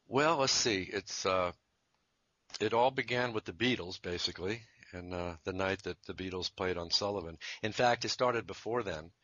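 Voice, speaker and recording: A very low-pitched man in his fifties tells stories in an easygoing interview, chuckling and doubling back on himself as he goes. His voice has a bright, forceful edge. The recording is dry and a little dull. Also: moderate pace, dry recording. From Virginia, USA. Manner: rambling, chuckling, self-interrupting. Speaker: jingle composer and musician. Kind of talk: conversational interview storytelling.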